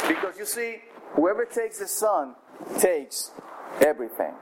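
A man's voice: high-pitched, big pitch swings, a little slow, background noise. A man preaching, telling a story and then leading a prayer, often restarting his words. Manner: storytelling, rising to raised voice for auctioneer calls. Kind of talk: sermon illustration and prayer.

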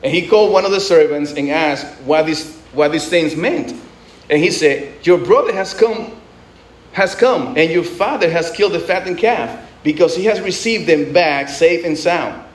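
A man's voice: a little high, normal speed, roomy sound, rough recording. A man preaching a sermon in a conversational way, often restarting and adding asides. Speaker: pastor.

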